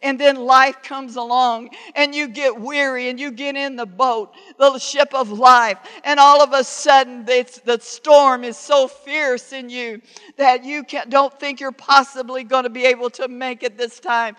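A middle-aged woman preaching with impassioned, rising fervor, her bright, forceful voice pushing each declaration. The tone stays smooth and resonant even at full volume, and long reverb from a large church hall trails every phrase. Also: high-pitched, unhurried. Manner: impassioned, building to loud fervent preaching. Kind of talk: sermon.

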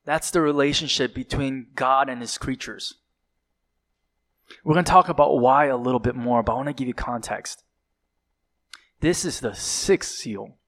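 A man's voice: medium pitch, moderate pace, pauses often, a bit bright. A man preaching a sermon, building dramatic emphasis and sometimes dropping to a whisper, with occasional fillers and self-corrections.

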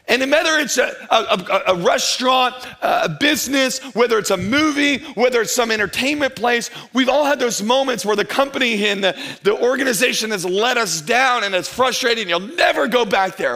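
A middle-aged man preaching to a church crowd, his voice pitched high for a man and bright. He tells a story with humor and acts out the dialogue in it. For emphasis he slows his delivery. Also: lively intonation. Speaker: pastor. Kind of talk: sermon with storytelling.

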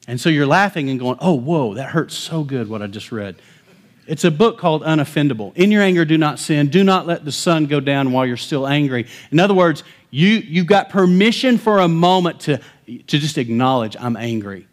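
A middle-aged man preaching from the pulpit, weaving a personal story into the message. His voice sinks almost to a whisper on tender lines, then climbs loud and slow to hammer a point home. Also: on the high side, animated. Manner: storytelling, swings from hushed to loud and emphatic. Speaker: pastor.

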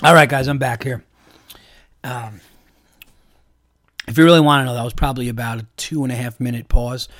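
A man's voice: medium pitch, steady tone, brisk, long pauses, a bit bright, dry recording, clean studio sound. A young adult man hosting a podcast, ranting in an exasperated, profane, repetitive way. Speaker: podcast host. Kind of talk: casual ranting monologue.

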